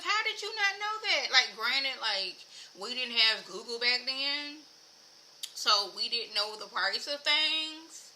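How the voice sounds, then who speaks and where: Chatty woman with a bright, high voice. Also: a little slow, slight background noise, rough recording. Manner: animated, chatty, lots of filler words. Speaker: reality TV recap vlogger. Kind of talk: casual recap chat.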